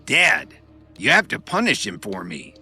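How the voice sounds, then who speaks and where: A man's voice: fairly low pitch, wildly swooping pitch, a little slow, bright, forceful tone, soft background music, full character voice. A man voicing a spoiled, boastful young man who whines and exaggerates to his father in an audiobook. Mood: whining. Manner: whining, pleading, exaggerating. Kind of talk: audiobook narration.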